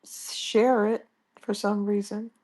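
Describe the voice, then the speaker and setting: A woman's voice: medium pitch, little pitch movement, slow pace, a crowd in the background. A woman co-hosting a casual chat, teasing and chiming in. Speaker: co-host.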